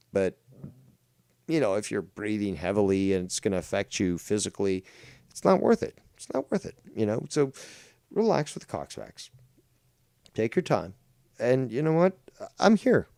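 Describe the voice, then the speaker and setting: A man's voice: on the low side, creaky, warm tone, no room sound, clean studio sound. A man hosting a livestream, ranting at a rival in a mocking, profane, rambling way. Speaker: livestream host. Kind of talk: casual commentary rant.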